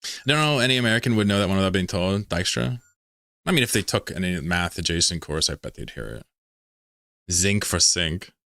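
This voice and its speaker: Male streamer from Pennsylvania, low voice, loose joking chat with viewers, some cursing, dry recording. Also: expressive, quick pace, creaky, sharp tone, no echo. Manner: rambling, joking, swears freely. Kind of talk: casual live-stream chat while gaming.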